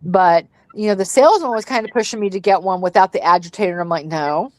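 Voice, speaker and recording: A blunt, middle-aged woman hosts a casual chat and rants freely, swearing as she goes. Her voice sits at an ordinary pitch, and the recording is dry and close with no room sound. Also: fast talker, a little mellow, no room sound, rough recording. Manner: blunt and profane, ranting. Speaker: host.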